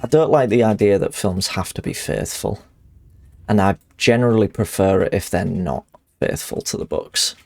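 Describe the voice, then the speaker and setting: A man's voice: on the low side, moderate pace, creaky, darkish tone, no echo. A man streaming a game, chatting casually in a rambling, sweary way that often corrects itself.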